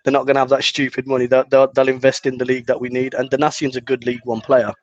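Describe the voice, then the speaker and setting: A man's voice: medium pitch, monotone, racing. A man in his thirties hosting a casual football fan show, joking around and often restarting his sentences. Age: 30s. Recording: dull lo-fi sound.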